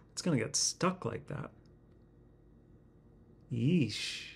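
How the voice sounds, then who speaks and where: Awkward halting man with a gravelly voice. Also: medium pitch, animated. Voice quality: constricted throat sound. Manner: self-deprecating, halting, searches for words. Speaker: vlogger. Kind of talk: rambling self-conscious vlog. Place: indoors in a house. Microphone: laptop webcam.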